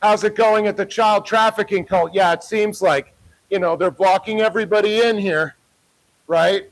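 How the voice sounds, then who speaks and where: Male protest streamer, high voice, profane heckler, outdoors on handheld camera. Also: steady tone, normal speed, low-quality recording. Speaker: protest livestreamer. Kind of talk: confrontational street livestream. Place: outdoors by a parking lot.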